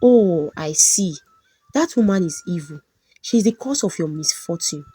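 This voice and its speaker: A man's voice: high voice, lively intonation, normal speed, dark tone, slightly rough. A woman voicing a solemn, commanding male pastor in a folktale. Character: stern man of God, a pastor.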